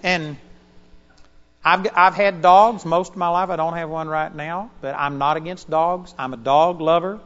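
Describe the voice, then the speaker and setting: A man preaching a sermon, telling a personal story with animated swings in pitch and loudness. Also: unhurried, big-room sound, dull audio.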